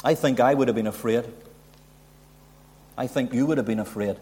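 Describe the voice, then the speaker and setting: A man's voice: mid-range voice, normal speed, pauses often, a little mellow. A man preaching a sermon, building emphasis and asking rhetorical questions. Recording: long hall reverb.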